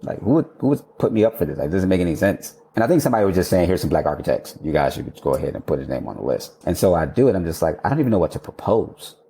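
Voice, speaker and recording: Male guest, 30s, deep warm voice, casual storyteller, laughs often, swears casually. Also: big pitch swings, very fast, vocal fry, hardly any pauses. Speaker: architect guest.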